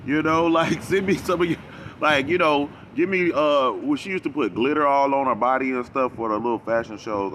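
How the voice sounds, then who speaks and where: A man giving a rambling, animated reaction commentary, talking back at a video he is watching. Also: mid-range voice, background noise. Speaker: reaction vlogger.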